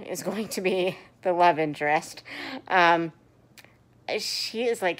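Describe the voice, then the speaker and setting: Slow, low-voiced chatty woman. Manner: chatty, laughs often, many fillers and restarts. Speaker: book vlogger. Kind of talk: casual chat.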